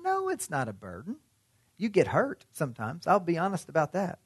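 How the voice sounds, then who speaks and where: A man's voice: high voice, big pitch swings, moderate pace, slightly rough, no echo, studio quality. A man preaching a sermon in a conversational way, often asking his listeners questions. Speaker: pastor.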